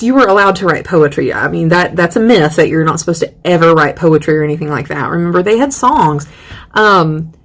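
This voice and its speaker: A woman giving a chatty, lively lecture on poetry, acting out quoted voices. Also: on the low side. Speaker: literature teacher.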